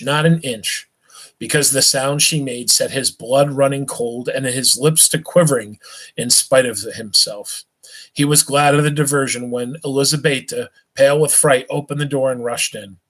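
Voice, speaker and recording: Reading a novel aloud on a live stream, a man with a mid-range, fairly bright voice takes an unhurried pace. He stumbles and restarts now and then and breaks for small asides to his listeners, all in a low-quality recording.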